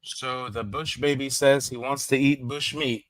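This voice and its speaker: A man's voice: medium pitch, fairly even intonation, a little slow, dry recording, low-quality recording. Sarcastic, blunt male commentator. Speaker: host. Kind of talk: mocking commentary.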